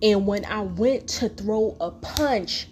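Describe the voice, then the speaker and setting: A woman's voice: mid-range voice, slow pace, darkish tone, a little hiss or hum. A woman telling a personal story in a casual, profane monologue full of fillers.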